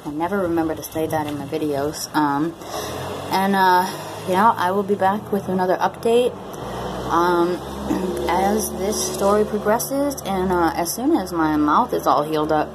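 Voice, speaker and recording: A woman vlogging in a loose, rambling way, full of fillers, her speech shaped by brand-new dentures. Her voice sits a little low. A steady background noise runs under the recording. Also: measured pace. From Maine, USA. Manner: rambling and chatty, with many fillers. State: talking around brand-new dentures after tooth extractions. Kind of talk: casual chat to camera.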